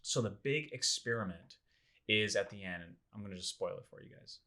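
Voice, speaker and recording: A young man hosting a casual podcast, retelling a story in a loose, animated way with lots of fillers. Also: brisk. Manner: animated, acts out quoted people with big pitch jumps. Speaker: podcast host.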